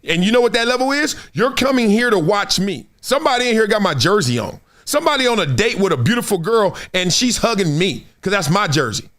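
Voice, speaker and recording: A man in his forties hosting a casual sports talk stream, animated and trash-talking, slipping into put-on fan voices. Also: high voice, brisk, hardly any pauses. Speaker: show host.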